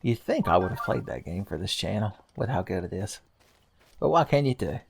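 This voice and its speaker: A man's voice: lowish voice, sing-song, fairly quick, vocal fry, noisy background. A man hosting a let's play, rambling and joking through casual gameplay commentary, swearing freely and laughing often.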